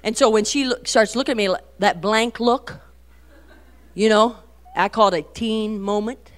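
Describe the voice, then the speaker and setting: A woman's voice: a little high, moderate pace. Folksy middle-aged woman speaker. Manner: folksy, animated storytelling with asides. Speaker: Christian women's speaker. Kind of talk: talk to a women's meeting.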